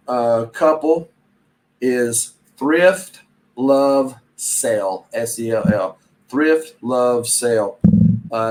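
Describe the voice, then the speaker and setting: A man's voice: mid-range voice, rough recording. A man hosting a reselling channel, chatting casually and rambling while he reads viewer comments aloud. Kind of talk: casual live-stream chat.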